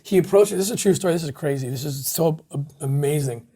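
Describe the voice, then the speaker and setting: A man who leads an anti-trafficking group, telling a story in an interview in an animated way with many quick restarts. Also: a little high, husky. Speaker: anti-trafficking organization leader.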